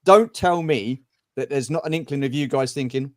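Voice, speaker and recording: A man's voice: medium pitch, normal speed, no echo, clean studio sound. A man from the United Kingdom hosting a video-call livestream, jokey and playful, with frequent stammering restarts. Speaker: livestream host. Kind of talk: livestream discussion.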